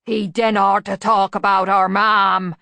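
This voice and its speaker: A woman reading an audiobook voices a huge, slow-witted man who talks slowly and loudly. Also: flat delivery, gravelly, dry recording. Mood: sulky. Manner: slow, loud, booming.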